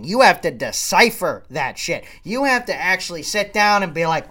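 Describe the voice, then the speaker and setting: A man's voice: fairly high pitch, lively intonation, normal speed, few pauses, fairly bright tone. A man from Maine doing a profane comedic rant, exasperated and swearing, often repeating himself. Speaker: comedic storyteller.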